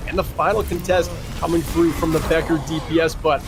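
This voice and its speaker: A man's voice: fairly high pitch, level tone, a little fast, hardly any pauses. Young man casting esports over music. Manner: analytical, breaks down fights and asks co-caster questions. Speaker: esports caster. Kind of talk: esports color commentary.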